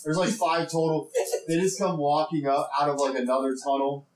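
A man's voice: on the high side, brisk, echoey room, a little hiss or hum, low-quality recording. A man narrating as game master of a tabletop game, rambling with many fillers.

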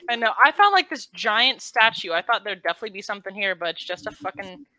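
Bright-voiced woman playing a horror game, excitable, swears a lot. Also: mid-range voice, quick pace, dry recording. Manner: excitable, swears freely, yells when chased. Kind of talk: casual gameplay chat.

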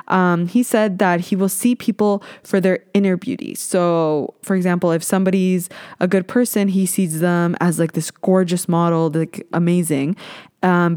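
A young adult woman hosting a casual solo podcast, talking in an animated, ranting way and swearing freely. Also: lowish voice, clean tone, dry recording, clean studio sound. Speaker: podcast host.

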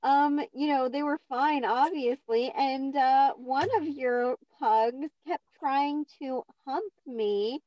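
A young woman telling a story in a casual chat, halting and full of fillers. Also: sits high, highs cut off.

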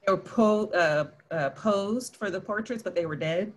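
A man's voice: sits high, moderate pace, slight background noise. A man co-hosting a podcast, chatting playfully and trying out joke accents. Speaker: podcast co-host. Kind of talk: casual chat.

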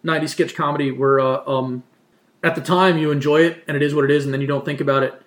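A man's voice: a little high, fairly even intonation, quick pace, a bit bright. A man in his thirties from New Jersey, chatting casually and rambling with lots of "you know" and "like". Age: 30s. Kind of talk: casual chat. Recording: roomy echo.

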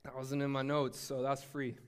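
A man giving a sermon-style faith testimony, telling his story in an animated way with laughter and frequent restarts. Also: mid-range voice, moderate pace, smooth. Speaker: speaker sharing a faith testimony.

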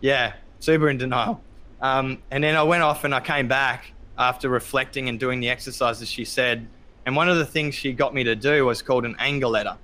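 A man speaks as a podcast guest in a bright, forward voice. He talks candidly and reflectively, pausing on ums and bursting into loud acted-out quotes. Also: medium pitch, fairly even intonation. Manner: open, reflective, many ums, acts out quotes loudly. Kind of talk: candid conversational storytelling.

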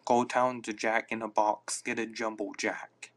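A man's voice: lowish voice, flat delivery, measured pace, a bit bright. A man hosting a casual live podcast on his phone, rambling and reacting aloud to listener comments. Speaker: podcast host.

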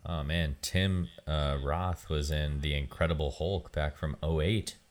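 A man's voice: extremely low pitch, fairly even intonation, a little slow. A man co-hosting a podcast, chatting easily about movies, laughing often and hedging with fillers. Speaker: podcast co-host. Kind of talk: casual movie watch-along chat.

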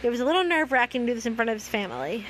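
A woman's voice: on the high side, sing-song, rapid-fire, fairly bright tone, slight background noise, low-quality recording. Young woman reading with sarcastic asides. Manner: sarcastic asides, stumbling and self-correcting. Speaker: host reading fan fiction. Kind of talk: reading fan fiction aloud with commentary.

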